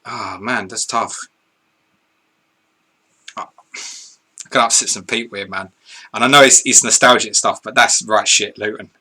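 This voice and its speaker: Sweary, bright-voiced bloke. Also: male voice, on the low side, fairly even intonation, a little slow, pauses often, breathy edge. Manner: blunt, sweary, laughs easily. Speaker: livestream co-host reading viewer questions. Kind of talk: casual live stream chat.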